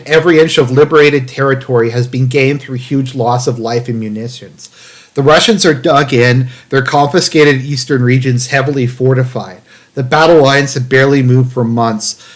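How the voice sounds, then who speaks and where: Guy on a stream reading some article out loud all fake-dramatic, then muttering snarky asides, average pitch. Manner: reads passages in a raised, mock-dramatic tone, then cuts in with dry, sarcastic asides; profane, rambling, many fillers. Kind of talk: live commentary on an article.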